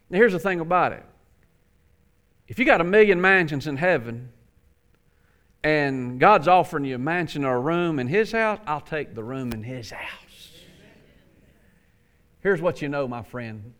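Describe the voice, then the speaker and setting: High-voiced preacher, folksy and emphatic. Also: male voice, animated, moderate pace, long pauses, a bit bright, clean tone. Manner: folksy, repeats words, builds to emphatic crescendos. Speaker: pastor. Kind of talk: sermon.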